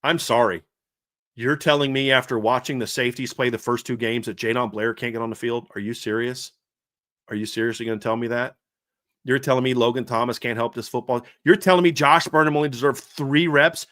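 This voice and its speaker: A man's voice: medium pitch, steady tone, fairly quick, fairly bright tone, no echo, clean studio sound. A man co-hosting a sports podcast, ranting heatedly about his team's coaching, fired up and repeating himself with restarts. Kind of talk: heated sports commentary rant.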